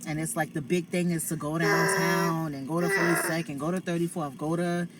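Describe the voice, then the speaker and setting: A woman's voice: sits low, flat delivery, brisk, heavy background noise. A young woman from New York with a New York accent, chatting casually to viewers on a phone stream from her car. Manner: chatty, talks to viewers and family between stories. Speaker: live streamer. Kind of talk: casual chat. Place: inside a parked car.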